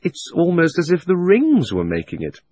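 A man reading an audiobook, voicing a curious, cheerful little girl who sounds bright and wondering. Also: on the high side, wildly swooping pitch, normal speed, no echo, pitched above the performer's own voice.

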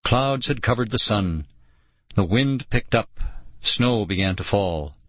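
Male audiobook narrator, unhurried and expressive, dry close-miked read. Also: fairly low pitch, no room sound. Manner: measured, expressive storytelling. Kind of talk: first-person audiobook narration.

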